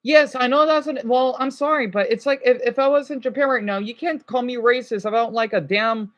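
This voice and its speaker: A man's voice: very high-pitched, fairly even intonation, fairly quick. A stressed man vlogging, ranting to his viewers in an agitated, rambling way, swearing and then apologizing. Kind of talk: unscripted emotional rant to viewers.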